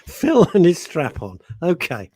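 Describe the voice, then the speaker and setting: A man's voice: on the high side, wildly swooping pitch, measured pace, a crowd in the background. A British man hosting an internet radio show, bantering and teasing, reading out listener comments in a casual chat.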